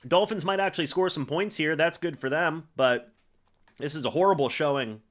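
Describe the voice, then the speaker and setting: A young man hosting a live stream, reacting to a football game and calling plays in an excitable way, full of fillers. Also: fairly high pitch, normal speed. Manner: excitable play-by-play with frequent fillers.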